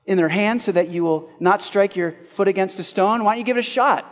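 A man's voice: sits high, brisk, long reverb tail, natural voice. A man voicing the devil as a sly, coaxing male tempter in a sermon retelling.

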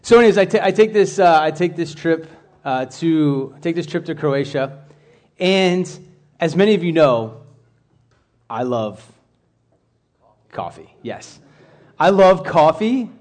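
This is a man with a slightly higher voice, giving a relaxed, chatty sermon. He talks like he is catching up with friends, drifting into side stories and starting his sentences over. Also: unhurried, pauses often. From United States. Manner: chatty, rambling with asides and restarts. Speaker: church speaker. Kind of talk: casual conversational sermon.

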